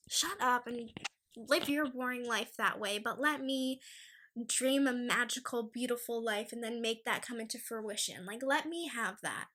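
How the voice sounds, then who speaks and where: A woman's voice: a little high, measured pace, sharp tone. A young woman hosting a casual solo podcast, ranting in an exasperated, emphatic way. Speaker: podcast host.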